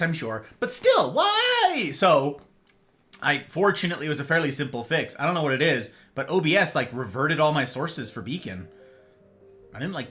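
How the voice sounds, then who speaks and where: A man streaming live, chatting casually with his chat and sounding tired; he jumps from excited squeals to mumbled asides. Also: fairly high pitch.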